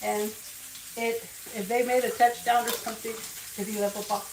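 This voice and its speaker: Frying food sizzles in an echoey home kitchen, recorded through a distant mic, as an older woman hosts a casual cooking demonstration. Her voice is fairly high and level in tone, her pace moderate, and she chats and strays into family stories while she works.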